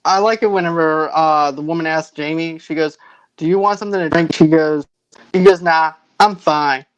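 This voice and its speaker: A man hosting a movie review podcast, relaxed and laughing often as he recaps the plot. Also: a little high, normal speed, smooth, no echo, lo-fi sound. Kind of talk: casual chat.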